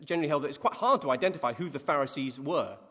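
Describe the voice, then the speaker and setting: A man preaching a conversational sermon, animated, often asking his listeners questions. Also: a little high, rapid-fire, husky. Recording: echoey hall, dull lo-fi sound.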